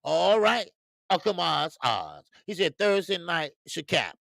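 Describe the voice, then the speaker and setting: A man's voice: a little high, sing-song, a little slow, creaky, a bit bright, no room sound, clean studio sound. A man hosting a casual boxing talk livestream, slangy and rambling, greeting chat viewers by name and stumbling into stammered restarts. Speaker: boxing show host. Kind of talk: casual live-stream talk.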